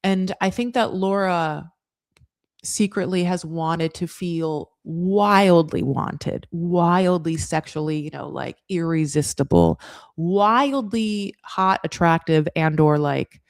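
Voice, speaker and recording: A woman's voice: fairly low pitch, no echo, clean studio sound. A woman hosting a casual reality TV recap, talking in a rambling, chatty way full of fillers. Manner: acts out cast members in quick quoted voices.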